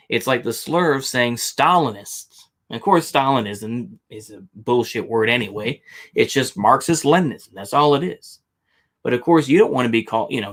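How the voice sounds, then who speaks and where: A man's voice: mid-range voice, a bit bright. A man hosting a reaction stream, talking in a sarcastic, argumentative, rambling way. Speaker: stream host reacting to a video. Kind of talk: casual commentary.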